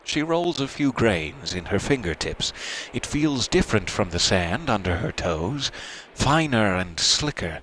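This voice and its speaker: A low-voiced man hosts a let's play of a narrative game, reading its text aloud in an expressive, up-and-down delivery. He breaks off now and then for dry, self-mocking remarks. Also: a little slow, slight background noise, poor audio.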